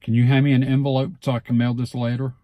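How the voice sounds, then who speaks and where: Vlogger, male, Southeast Alabama accent, warm low-key tone, close dry mic, unhurried word-by-word delivery. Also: no echo. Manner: relaxed, repeats words slowly and deliberately. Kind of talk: casual word-list reading.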